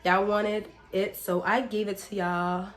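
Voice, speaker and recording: A young woman chats through a storytime vlog, her voice a little hoarse from a cold. She keeps it loose and unfiltered, with plenty of swearing and "like", and talks straight to her viewers as y'all. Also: mid-range voice, little pitch movement, measured pace. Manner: chatty, swears freely, frequent "like" fillers; addresses viewers directly as y'all. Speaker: vlogger. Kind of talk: casual storytime.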